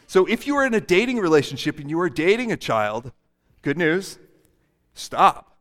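Joking pastor in an echoing hall. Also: male voice, fairly high pitch, sing-song, moderate pace, a bit bright. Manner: humorous, conversational. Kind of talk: sermon. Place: church hall. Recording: long hall reverb.

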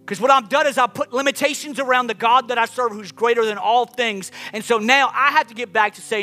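A man's voice: extremely high pitch, brisk, few pauses, bright, forceful tone, faint music behind. A man preaching a sermon as pastor, emphatic, his voice rising and dropping with the point he makes. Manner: emphatic, rising and falling dynamically.

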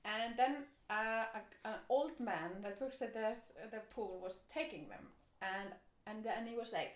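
A woman telling a rambling, animated story in casual chat, with plenty of fillers. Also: medium pitch, moderate pace, hardly any pauses. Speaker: storyteller guest. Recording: echoey room.

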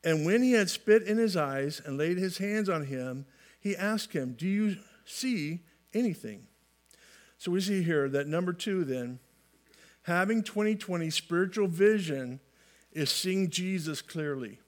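A man's voice: high-pitched, animated, unhurried. A man from California preaching a sermon in a folksy way, often restarting phrases and adding light humor. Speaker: pastor.

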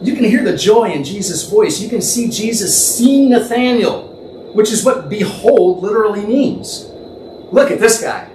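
A man leads an informal Bible teaching, thinking out loud and imagining the scene as he goes. His voice sits high, and he often stops to correct himself. The recording is roomy and echoey, with the mic set well back and a faint hiss underneath. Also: animated, a little slow. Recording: echoey room, distant mic, faint background noise.

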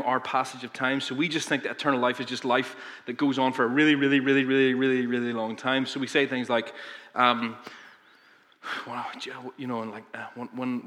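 A man's voice: medium pitch, sharp tone. A man preaching a sermon as pastor, earnest and emphatic, with frequent fillers and restarts. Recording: long reverb of a large hall.

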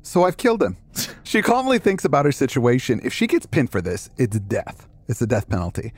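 A man's voice: mid-range voice, sing-song, a little fast, dry recording. A man co-hosting a podcast, retelling a story casually and acting out quoted lines. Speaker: podcast co-host. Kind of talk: casual story discussion with read-aloud passages.

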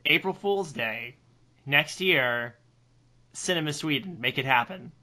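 Bright-voiced man steering a podcast. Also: on the high side, expressive, a little slow. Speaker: podcast co-host. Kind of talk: casual chat and story reading.

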